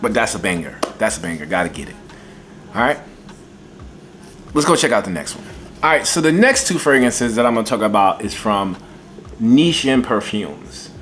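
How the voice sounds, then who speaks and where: Enthusiastic male fragrance reviewer, casual and folksy, slightly low voice. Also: very animated, moderate pace, pauses often, fairly bright tone, a little hiss or hum.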